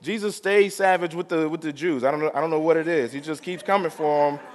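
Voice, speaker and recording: A male pastor preaching a sermon, drawing out the crowd with call-and-response and swinging from quiet to loud. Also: on the high side, fast talker.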